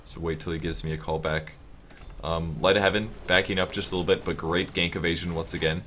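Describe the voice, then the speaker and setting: A man casting a video game match, calling the plays quickly and getting louder on big moments. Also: deep voice, a little hiss or hum. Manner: fast, rising to excited shouts on big plays. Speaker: esports caster. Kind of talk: play-by-play game commentary.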